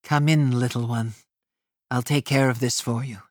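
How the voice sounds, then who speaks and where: A woman narrator voicing a kindly male dentist who speaks soothingly in a lowered voice, in an audiobook. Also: unhurried, dry recording, studio quality. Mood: gentle, reassuring. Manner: soothing, calm. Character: kindly middle-aged male dentist, gentle but hurried.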